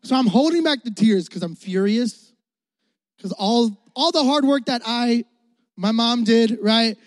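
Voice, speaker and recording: A young male pastor tells a comic story from the pulpit, animated and jokey, acting out the voices of his younger self. His voice sits high for a man, and the recording is dry and close with little room sound. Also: a little slow, dry recording. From Florida.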